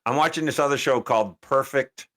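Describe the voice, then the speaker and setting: A man co-hosting a podcast in casual chat, retelling a show and acting out the quotes in other voices. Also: brisk. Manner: animated retelling, acts out quotes with swings in pitch. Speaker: podcast co-host.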